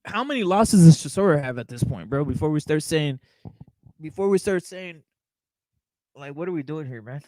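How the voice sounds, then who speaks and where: A man's voice: a little high, lively intonation, normal speed, dark tone, dry recording, rough recording. Blunt, profane man on a fight show. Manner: blunt, profane, repeats himself, calls viewers brother; reacts to live chat comments. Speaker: boxing talk show host. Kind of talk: casual livestream chat.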